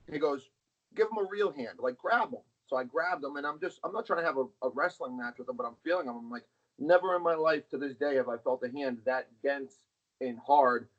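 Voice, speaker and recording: A middle-aged man, a guest on an interview, telling stories casually and bluntly, swearing freely. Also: mid-range voice. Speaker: interview guest, arm wrestler. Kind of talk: casual storytelling. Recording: dull lo-fi sound.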